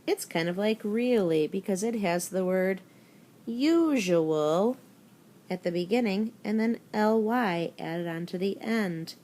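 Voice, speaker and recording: This elementary school teacher's medium-pitched, darkish voice is animated but slow as she records a spelling lesson for young children. She walks them through words, spelling each one letter by letter.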